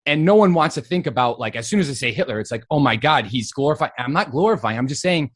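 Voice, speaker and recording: A man's voice: mid-range voice, expressive, fast talker, dry recording. A man in his thirties from Western Massachusetts, chatting animatedly as an interview guest, with lots of fillers and easy laughter. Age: 30s. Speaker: guest actor. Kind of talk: casual interview chat.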